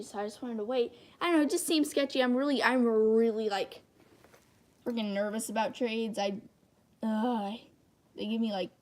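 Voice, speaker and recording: A woman's voice: a little high, a little hiss or hum. A woman hosting a casual livestream, rambling and thinking aloud while she draws, with many restarts. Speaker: channel host.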